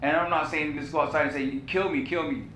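A man's voice: fairly even intonation, quick pace, a bit bright. A male pastor preaching a sermon, telling a personal story with passion and repeating key phrases. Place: church sanctuary. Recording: echoey church room with faint rumble.

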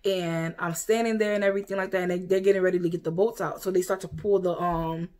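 A young woman from the United States telling a story to camera in a casual, animated way, acting out what other people said. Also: on the low side, fast. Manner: animated, quotes people in exaggerated voices. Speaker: vlogger.

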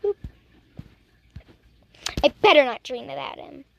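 A woman's voice: high-pitched, lively intonation, measured pace, vocal fry, dull audio, a little hiss or hum. A young woman chatting casually as she reacts to videos, teasing and talking back at the screen.

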